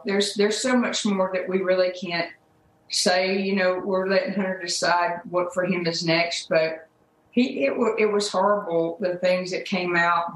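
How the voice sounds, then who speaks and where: A woman giving a TV interview as a mother, halting and upset, with many restarts. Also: on the low side, a bit bright, reverberant, slight background noise, rough recording.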